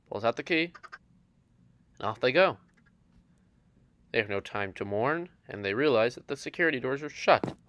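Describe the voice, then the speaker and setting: A man narrating a video game adventure in a deliberate, deadpan monotone narrator voice. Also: medium pitch, a little hiss or hum. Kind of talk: comic gameplay narration.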